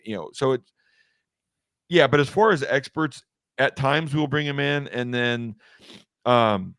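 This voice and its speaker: A man's voice: on the low side, dry recording, studio quality. A man speaking as an interview guest about designing game calls, rambling in a casual way with many restarts and fillers. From Washington state. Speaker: guest, game call maker.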